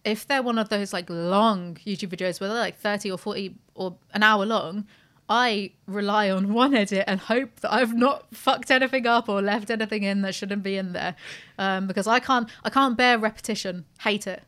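A woman's voice: mid-range voice, steady tone, normal speed, fairly bright tone. A woman hosting a podcast in casual, sweary chat, laughing often. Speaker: podcast host.

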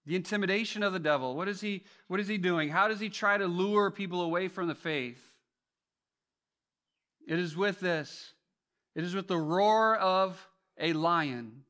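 Male pastor, bright, slightly high voice; lively sermon storyteller who swings from hushed to booming, repeats words as he goes. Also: moderate pace. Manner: frequent restarts and repeated words.

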